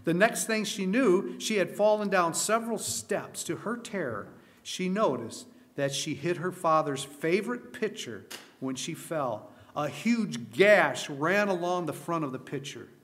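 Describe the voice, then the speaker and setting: A man's voice: sits high, lively intonation, unhurried, fairly bright tone. A man reading a moral story aloud with earnest expression at a camp meeting.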